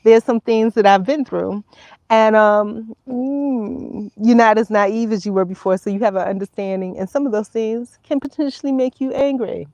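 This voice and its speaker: A woman's voice: fairly high pitch, normal speed, a little mellow, no room sound, lo-fi sound. A woman in her fifties talking casually at home. She rambles, laughs often and swears freely. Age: 50s. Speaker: vlogger. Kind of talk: casual talk to camera. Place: at home, indoors.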